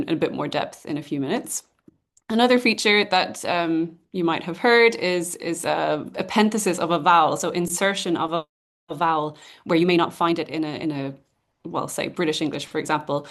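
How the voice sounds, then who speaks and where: A woman giving an academic guest lecture, explaining in a measured way and often pausing to rephrase. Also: lowish voice. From Ireland.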